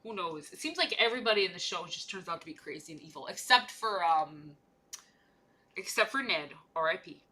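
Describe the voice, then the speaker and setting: A woman's voice: fairly low pitch, expressive, brisk, sharp tone. A young woman chatting casually and playfully while she paints miniatures on a livestream, rambling from one joke to the next.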